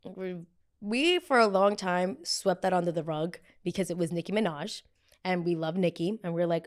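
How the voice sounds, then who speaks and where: Animated, gossipy young woman podcaster. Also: on the low side, normal speed. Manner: animated, gossipy and blunt, with frequent quoted voices. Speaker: podcast host. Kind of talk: casual pop culture chat.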